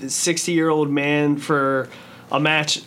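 Guy chatting on a podcast, bit higher voice, laid-back. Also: level tone, slow, a bit bright, clear, resonant tone. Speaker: podcast co-host. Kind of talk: casual chat.

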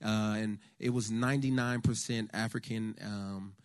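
An American man giving a conversational, faith-based talk on politics to a church lunch audience, telling stories with lively asides. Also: lowish voice, normal speed. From United States. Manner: animated storyteller, conversational with the audience.

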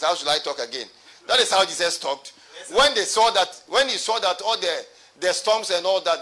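A man's voice: fairly high pitch, bright, forceful tone. A pastor preaching a sermon to his congregation, repeating his phrases and calling for responses.

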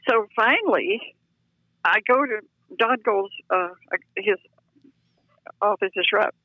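An older woman telling lively, self-deprecating stories as a guest, heard over a phone line. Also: medium pitch, takes it slowly, no room sound. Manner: chatty, self-deprecating, animated. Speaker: guest storyteller. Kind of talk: anecdotal storytelling.

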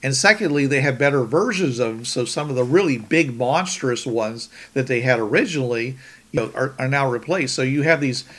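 A man's voice: medium pitch, lively intonation, fairly quick, fairly bright tone. Rambling man hosting a podcast. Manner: rambling, many restarts and "you know"s. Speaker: podcast host. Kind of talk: casual podcast chat.

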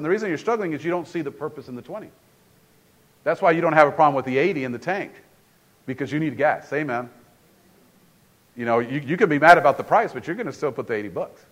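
A man's voice: on the high side, animated, brisk, fairly bright tone. A man preaching a sermon in a church in a casual, conversational way, often repeating and restarting phrases. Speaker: pastor.

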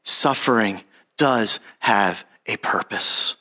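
A man's voice: on the low side, slow pace, sharp tone. A man giving a casual, conversational sermon, acting out Bible characters in an everyday modern voice. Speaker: preacher.

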